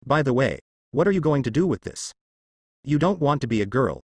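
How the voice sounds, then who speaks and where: A man's voice: medium pitch, very animated, fairly quick, slightly rough, no room sound. A man reading a puzzled robot cat. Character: worried round robot cat, helpful.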